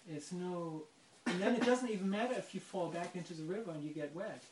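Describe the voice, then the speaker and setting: Someone in a spiritual conversation recounts a story at a fairly quick pace, thoughtful and groping for words. Their mid-range voice is slightly mellow and sits far from the mic, in an echoing room with faint noise.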